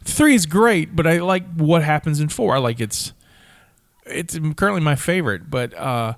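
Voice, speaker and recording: Animated man, higher voice, quick to jump in. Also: dry recording, studio quality. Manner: animated, jumps in and talks over others. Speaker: podcast co-host. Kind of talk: casual chat.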